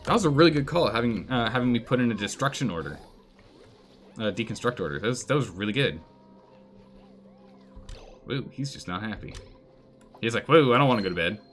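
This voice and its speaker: A man giving live commentary on a colony game, animated and exclaiming, pleading with his characters. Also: mid-range voice, moderate pace, long pauses, faint music behind. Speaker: streamer playing a colony game.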